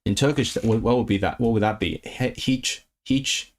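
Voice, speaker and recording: Speaking at normal speed in a voice on the low side, a Hong Kong man learns a language live on stream for his chat. He sounds out and repeats words, correcting himself out loud.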